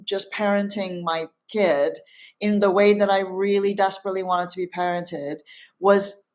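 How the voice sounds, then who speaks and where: A woman's voice: mid-range voice, fairly even intonation, moderate pace. A middle-aged woman speaking as an interview guest, earnest and reflective, with frequent fillers and restarts. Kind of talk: casual conversational interview.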